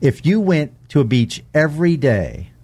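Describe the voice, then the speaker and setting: A man's voice: a little high, big pitch swings, moderate pace, a little mellow, breathy edge. A man co-hosting a casual podcast chat, telling stories in a wry, self-deprecating way. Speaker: podcast co-host. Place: Texas.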